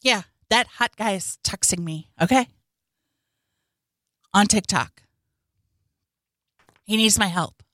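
A young woman co-hosting a casual chat, excitable and gushing. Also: mid-range voice, slow, long pauses, no room sound, clean studio sound. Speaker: podcast co-host.

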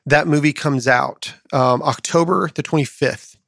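Upbeat male podcast host, slightly high voice, dry close sound, storyteller. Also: measured pace, vocal fry, fairly bright tone, no echo. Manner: upbeat, storytelling with acted quotes. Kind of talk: casual chat and joke telling.

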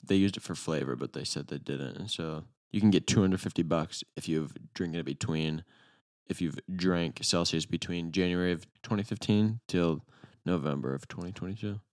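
Deep-voiced young man, matter-of-fact. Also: moderate pace, darkish tone, dry recording. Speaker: podcast co-host. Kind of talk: casual chat.

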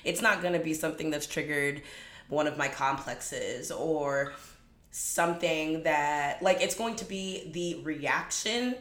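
Profane, animated young podcast host. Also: female voice, low-pitched, a little slow, reverberant. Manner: profane, animated storytelling with dramatic swings in volume. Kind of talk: casual storytelling monologue.

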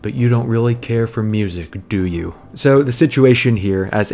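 A young man narrates his own personal essay at an even, mid-range pitch. He sounds reflective and earnest, stumbling over a word now and then. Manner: reflective, earnest, with small restarts.

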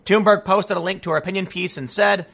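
A man's voice: sits high, fairly even intonation, fast talker, gravelly, fairly bright tone. A man giving combative political commentary, talking emphatically with casual asides. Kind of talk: ranting commentary.

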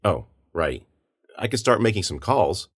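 A man's voice: deep voice, very animated, unhurried, husky, full character voice. A man voicing a young police officer who answers in short, curt replies. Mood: dutiful.

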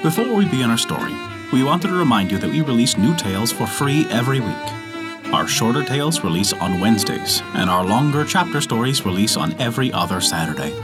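A man narrating a folk tale in a measured, expressive storytelling manner, as host of a story podcast. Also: medium pitch, music in the background. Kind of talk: scripted narration.

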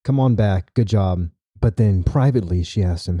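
A man's voice: sits low, moderate pace, slightly rough, no echo, highs cut off. A man hosting a podcast, retelling a story in casual chat with many "right?" asides. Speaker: podcast host.

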